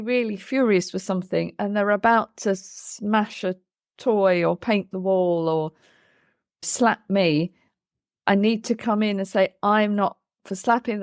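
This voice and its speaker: A woman's voice: mid-range voice, no echo, clean studio sound. A woman, a play therapist co-hosting a podcast, explaining her approach in an earnest, thoughtful conversation. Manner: earnest, explains with acted examples of what she says to children.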